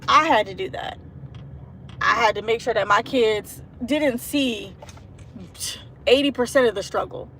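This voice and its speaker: Thirties woman, earnest rambling vlog to a handheld phone, slightly high voice, loud traffic behind. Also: a little slow, long pauses. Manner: earnest, emotional and rambling, with many restarts. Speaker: vlogger. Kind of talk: casual heartfelt monologue vlog. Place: out and about, walking into a store.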